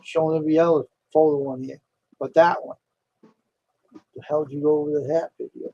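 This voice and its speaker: A man's voice: a little high, steady tone, a little fast, no room sound, dull audio. A man hosting a casual live stream, greeting viewers by name and grumbling to himself about his videos.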